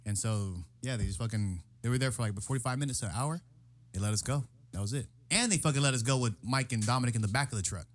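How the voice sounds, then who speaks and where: Fast-talking man telling a rowdy story. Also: mid-range voice, expressive. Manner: profane storytelling, acts out quotes loudly. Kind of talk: casual chat.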